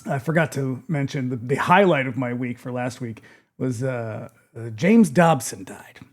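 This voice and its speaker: A man's voice: mid-range voice, measured pace. A man co-hosting a podcast in casual chat, blunt and sardonic, throwing in joking asides. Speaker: podcast co-host.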